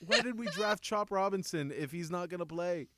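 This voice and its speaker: A man co-hosting a sports radio show from a studio, telling animated stories and acting out voices for the people in them. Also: high voice, moderate pace, no room sound. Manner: animated storyteller who acts out voices. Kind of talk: casual sports talk chat. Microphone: studio microphone.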